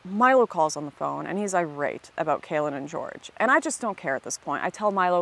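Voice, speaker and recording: A woman's voice: deep voice, big pitch swings, moderate pace, few pauses, a bit bright. A woman, a former political activist, telling her own story in an earnest, emphatic way with frequent restarts. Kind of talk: personal storytelling monologue.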